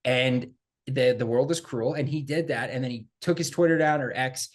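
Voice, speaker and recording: A man co-hosting a casual sports podcast, talking in an animated, emphatic way and repeating phrases for effect. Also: medium pitch, normal speed. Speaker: podcast co-host.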